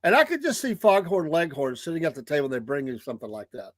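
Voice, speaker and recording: A man's voice: a little high, huge pitch swings, quick pace, no echo. A man in his sixties co-hosting a casual chat show, ribbing his partner in an easygoing way. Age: 60s. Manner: teasing, easygoing. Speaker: show co-host.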